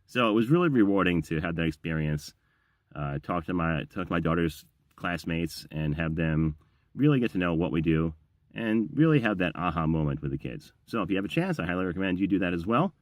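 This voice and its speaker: Chatty man with a deep, lively voice. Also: fairly quick, dry recording. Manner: chatty, storytelling, self-deprecating. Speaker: voiceover actor and audiobook narrator. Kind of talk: casual vlog monologue.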